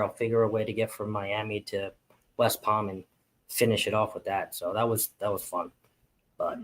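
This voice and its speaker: Animated male cruise storyteller. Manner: animated storyteller, acts out quotes in a high voice. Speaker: podcast co-host. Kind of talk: casual chat, storytelling.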